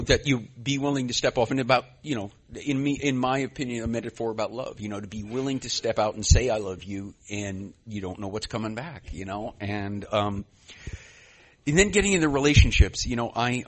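Man, husky voice, recovery meeting share, rambling with fillers, self-deprecating, bursts of loudness. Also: mid-range voice. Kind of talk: personal share, conversational storytelling.

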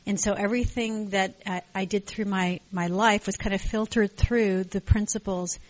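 A middle-aged woman gives a thoughtful personal testimony at a support group meeting, pausing and restarting as she searches for words. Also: medium pitch, fairly even intonation, low-quality recording. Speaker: support group member sharing.

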